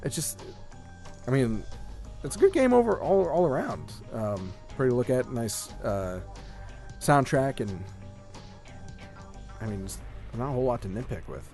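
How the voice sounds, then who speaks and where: A man co-hosting a casual gaming podcast, rambling with lots of fillers and getting excited about what he likes. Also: mid-range voice, unhurried, pauses often, soft background music. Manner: rambling, filler-heavy, enthusiastic. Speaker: podcast co-host. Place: home room with a shelf of collectibles.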